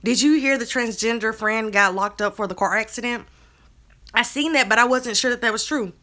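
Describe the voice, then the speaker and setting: A woman, talking to her viewers in a casual live stream, animated and drawling. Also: on the high side, fairly quick. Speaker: co-host of a live video chat. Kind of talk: casual live-stream chat reading comments.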